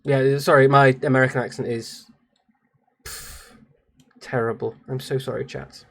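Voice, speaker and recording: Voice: medium pitch, flat delivery, measured pace, vocal fry, fairly bright tone, a little hiss or hum. A streamer chatting casually and apologetically to live viewers. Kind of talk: casual livestream chat.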